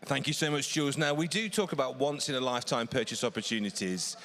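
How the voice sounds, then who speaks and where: A man's voice: mid-range voice, animated, quick pace, a bit bright. Upbeat salesy male presenter. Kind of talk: enthusiastic live sales presentation.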